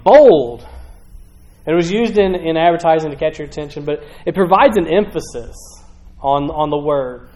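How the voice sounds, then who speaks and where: A man's voice: on the high side, poor audio. A young man preaching a casual, conversational sermon from a church stage, rambling with many restarts and fillers.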